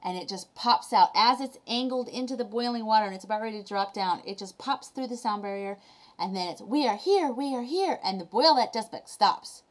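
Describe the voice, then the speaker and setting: A woman vlogger casually retelling a children's story to camera, animated and reflective. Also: medium pitch, fairly quick.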